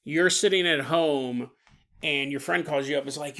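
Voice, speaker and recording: A paranormal podcast host riffs through a comedic monologue, often laughing and acting out small scenes. His voice is on the high side and a bit bright, at a normal speed.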